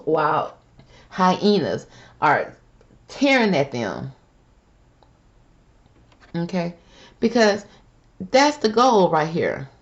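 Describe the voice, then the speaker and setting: A woman's voice: sits low, a little mellow. A woman hosting a tarot reading commentary, talking emphatically, repeating "okay?" and calling the listener baby, sometimes heated and indignant. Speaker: tarot reader host. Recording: dull lo-fi with faint hiss.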